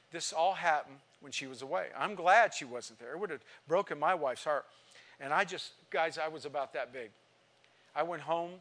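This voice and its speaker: A man's voice: fairly high pitch, fairly bright tone. A male pastor preaching a sermon, telling a personal story with emotion and building to emphatic exhortation. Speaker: visiting pastor.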